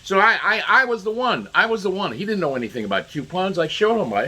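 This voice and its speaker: Male commentator, excitable rambling storyteller; bright, slightly husky voice. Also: high voice, fast, rough recording. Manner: rambling, repeats himself, excitable. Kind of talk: casual monologue commentary.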